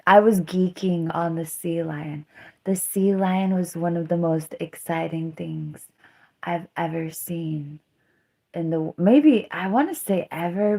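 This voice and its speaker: A woman's voice: fairly low pitch, dark tone. A woman livestreaming, telling rambling stories between laughs and answering her chat.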